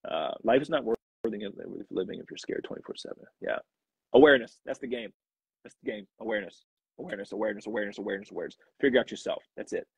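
Man, motivational live host, very raspy with fry, preachy repetition, dry lo-fi stream sound. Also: animated, racing, dry recording. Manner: preachy, repetitive, rising to emphatic highs.

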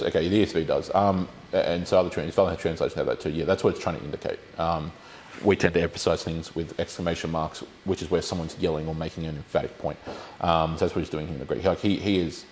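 Low-voiced man teaching Bible study. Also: steady tone, fast talker, a little mellow, a little hiss or hum. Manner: explanatory, poses questions to the group.

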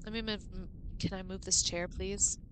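Bright, playful woman streamer. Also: medium pitch, steady tone, moderate pace, slight background noise, poor audio. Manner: playful, jittery, chatting with viewers. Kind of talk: live gameplay commentary.

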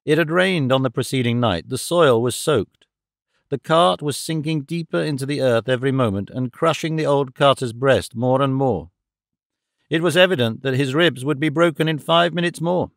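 A man reading a classic novel aloud as audiobook narrator, in a measured, steady way. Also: mid-range voice, creaky, no echo, clean studio sound. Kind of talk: scripted narration.

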